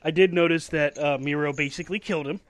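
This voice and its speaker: A man's voice: a little high, steady tone, fast, no echo. A man co-hosting a casual wrestling podcast, chatty and laughing often, with hiccups. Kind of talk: casual chat.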